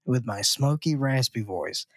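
A man's voice: mid-range voice, a little slow, a bit bright, no echo, studio quality. A middle-aged man co-hosting a podcast in casual chat, rambling and joking at his own expense. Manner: rambling, jokey, self-mocking. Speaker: podcast co-host.

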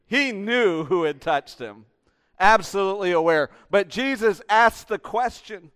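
A male pastor preaches with a smooth, clear voice that is fairly high for a man. His delivery is animated, and it swings between emphatic bursts and hushed, intimate appeals. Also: measured pace. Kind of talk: sermon.

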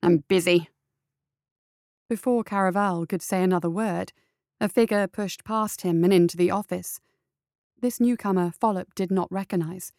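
Woman narrating a storybook, steady and measured, dry close mic, mid pitch. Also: no echo.

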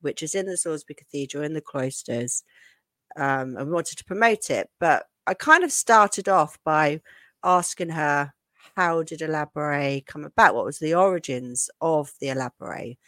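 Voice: medium pitch, lively intonation, moderate pace, a bit bright, no room sound, studio quality. A podcast host from England in a casual chat, enthusiastic and emphatic.

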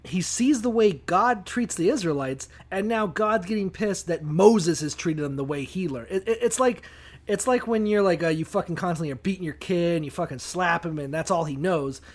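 A man co-hosting a casual podcast, rambling, swearing often and acting out quick quotes. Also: sits high. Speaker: podcast co-host. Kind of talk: casual profane chat.

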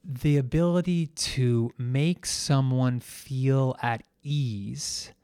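A man's voice: medium pitch, vocal fry, darkish tone, no echo, clean studio sound. A middle-aged man hosting his podcast alone, reflecting earnestly and a little emotionally, with many fillers and restarts. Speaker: podcast host and coach. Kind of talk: reflective solo podcast talk.

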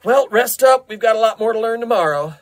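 A man voicing a pushy lab scientist who gives brisk, matter-of-fact orders. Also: high voice, lively intonation, pitched above the performer's own voice.

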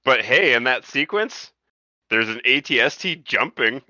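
A man's voice: mid-range voice, expressive, a little slow, pushed and bright, no echo. A man in a casual film discussion podcast. He is opinionated and often stumbles and repeats words. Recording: dull lo-fi sound.

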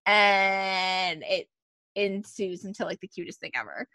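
A woman's voice: medium pitch, unhurried, pushed and bright, no echo, clean studio sound. A woman co-hosting a podcast, chatting casually and animatedly as she recaps a TV episode, with plenty of filler words. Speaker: podcast co-host.

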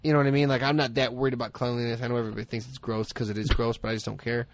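A man's voice: mid-range voice, level tone, very fast, no room sound. Man, podcast co-host, rambling comic storyteller, dry mic. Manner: rambling, self-mocking, laughs often. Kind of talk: casual comedic chat.

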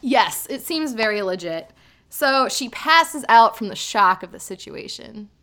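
A woman co-hosting a casual chat, retelling scenes with lively, joking commentary. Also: a little high, measured pace. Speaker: podcast co-host. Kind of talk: casual chat recapping a drama.

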